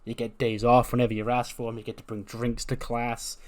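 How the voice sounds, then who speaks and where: A man's voice: medium pitch, monotone, fairly quick, natural voice. A man voicing a cocky young male student who brags in a chatty way. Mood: boastful. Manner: boastful, chatty.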